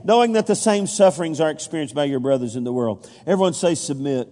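A man's voice: a little high, animated, fast talker, few pauses, mellow. A pastor preaching a folksy sermon, stumbling over fillers and restarts, then rising with emphasis when he reads scripture. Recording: long reverb of a large hall.

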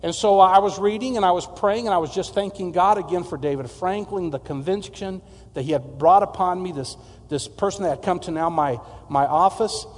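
A man with a high, light voice delivers a storytelling sermon as pastor, earnest and emphatic, and he often repeats his phrases. His words ring out with a long reverb, as in a large church sanctuary. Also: a little fast.

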